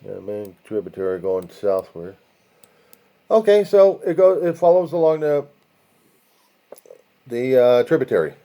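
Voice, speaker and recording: A man's voice: mid-range voice, big pitch swings, a little slow, pauses often, dark tone. A man hosting a casual video, talking viewers through a map in a rambling way, with profane asides and chant-like lists of places. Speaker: video host.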